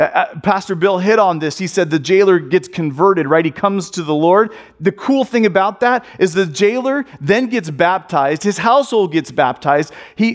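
A man preaching a sermon in a casual, conversational way, often repeating phrases for emphasis. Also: high voice. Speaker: pastor.

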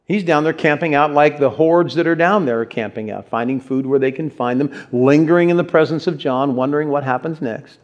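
A male pastor giving a sermon, telling stories in an animated way and putting questions to his congregation. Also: fairly high pitch, fairly quick, few pauses, highs cut off. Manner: animated storyteller, acts out quotes, asks the audience questions. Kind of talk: sermon with personal storytelling.

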